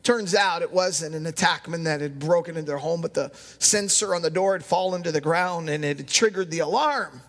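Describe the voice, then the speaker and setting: A man preaching a sermon as pastor, telling stories with dramatic pauses. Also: a little high, a bit bright. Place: church sanctuary. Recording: long hall reverb.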